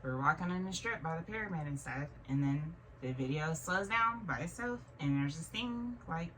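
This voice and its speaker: A woman's voice: low-pitched, expressive, moderate pace, a bit bright. A woman in her thirties, telling a long casual story as a vlogger, rambling with many fillers and restarts. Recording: distant mic with faint noise.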